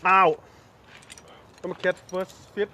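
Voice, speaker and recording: A man's voice: high-pitched, little pitch movement, unhurried, bright, forceful tone. A man, a father filming a fishing trip, joking and trash-talking with his child in casual banter. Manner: teasing, trash-talking, laughs a lot. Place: outdoors by a creek.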